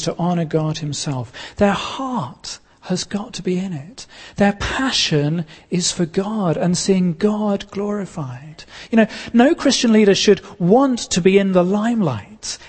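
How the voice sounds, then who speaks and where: A man preaching a sermon as pastor of his church, earnest and emphatic, repeating key lines with pauses. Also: sits high, a little mellow, husky, in a large hall.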